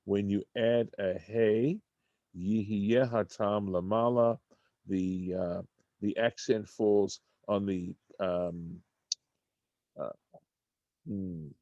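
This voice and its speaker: A man teaching a Torah study class, thinking aloud with halting restarts as he reads Hebrew text and translates it into English. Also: on the low side, steady tone, darkish tone, dry recording, highs cut off.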